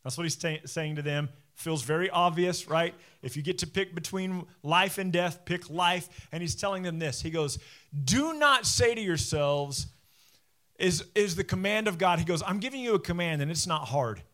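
A young pastor delivers a church sermon, reading scripture and then talking candidly and with self-deprecating humor, growing animated whenever he quotes. His voice is high, his pace moderate, and he pauses little.

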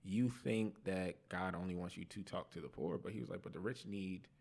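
A young man on a podcast, telling his life testimony in casual slang, animated and laughing at himself. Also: low-pitched, moderate pace, creaky, husky. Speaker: podcast guest.

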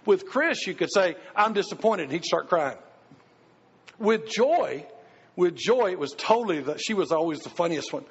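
A man's voice: on the high side, big pitch swings, moderate pace, slightly rough. A middle-aged man preaching as a pastor, telling folksy family stories in an earnest way. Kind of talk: sermon. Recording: dull lo-fi recording.

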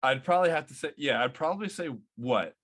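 A man's voice: a little high, racing, a bit bright. A man in his thirties co-hosting a podcast, chatting loosely about a movie with lots of swearing and restarts. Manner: swears a lot, rambling. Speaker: podcast co-host. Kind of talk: casual movie review chat.

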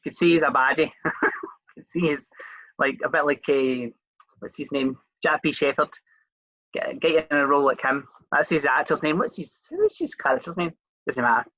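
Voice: mid-range voice, expressive, normal speed, bright, forceful tone, no room sound, lo-fi sound. A Scottish interview host chatting casually, rambling a little with fillers and restarts.

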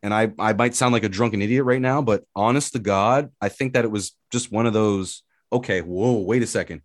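A man's voice: fairly low pitch, fairly quick, no room sound, clean studio sound. A man co-hosting a casual sports talk show, ranting with energy and plenty of swearing. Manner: animated, profane ranting. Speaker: podcast co-host.

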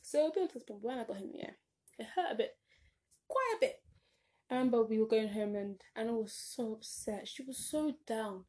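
Chatty young woman, rambling and higher-pitched. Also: expressive, moderate pace, darkish tone. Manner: rambling, chatty, self-interrupting with many "like"s; dramatic bursts of emphasis. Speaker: vlogger. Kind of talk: casual chat.

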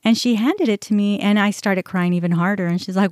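A woman's voice: mid-range voice, fast talker, hardly any pauses, darkish tone, dry recording, clean studio sound. A middle-aged woman hosting a podcast, telling a personal story in a candid, conversational way with many fillers. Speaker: podcast host.

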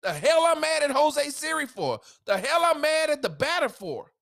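A man's voice: extremely high pitch, very animated, normal speed, gravelly, fairly bright tone. A man hosting a solo sports podcast, ranting in a heated, emphatic way with casual slang.

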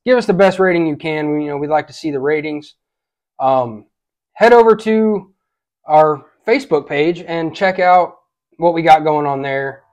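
A man's voice: fairly high pitch, a little mellow. A man hosting a podcast, closing the episode with a sponsor plug in an easygoing, filler-heavy way. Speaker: podcast host. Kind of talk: podcast sign-off and sponsor read.

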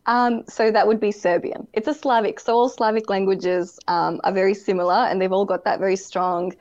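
A woman's voice: mid-range voice, fairly even intonation, moderate pace, darkish tone. Bubbly young woman on a lo-fi call. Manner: chatty, bubbly, laughs often, uses "like" a lot. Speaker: pageant contestant, guest. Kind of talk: casual interview chat.

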